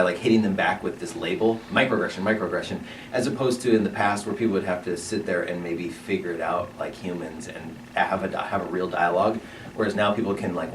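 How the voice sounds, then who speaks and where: A man on a discussion panel, thoughtfully building his argument step by step. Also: low voice. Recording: roomy, distant mic, light noise.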